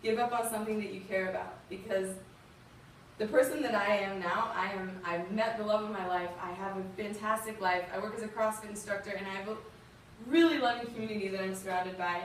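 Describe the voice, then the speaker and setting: A woman's voice: mid-range voice, fairly even intonation, a little fast, a little hiss or hum. A young woman from the American South telling a personal story to a youth audience, earnest and emotional, talking casually with fillers. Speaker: guest speaker. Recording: distant mic in a very echoey room.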